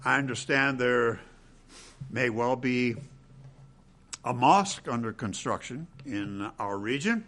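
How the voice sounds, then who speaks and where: A man preaching a sermon as pastor, swinging between loud emphatic peaks and hushed low passages, with rhetorical questions. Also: slow pace, long pauses.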